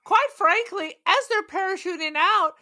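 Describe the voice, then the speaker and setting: A woman's voice: very high-pitched, normal speed, bright, forceful tone. A woman co-hosting a podcast in casual chat, sarcastic and blunt as she riffs on a movie. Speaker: podcast co-host.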